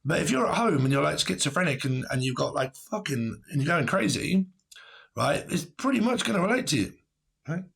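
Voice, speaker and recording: A man's voice: a little high, very animated, fairly quick, vocal fry, fairly bright tone, husky. A man giving a casual tarot reading to camera, blunt and rambling, who swears and laughs often. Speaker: tarot reader.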